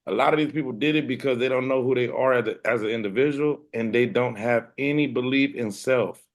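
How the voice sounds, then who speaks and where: A man's voice: medium pitch, fairly quick. Hip hop guy as interview guest, bragging, blunt street talk, just a regular voice. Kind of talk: casual interview chat. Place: room with ceiling fan and air conditioner.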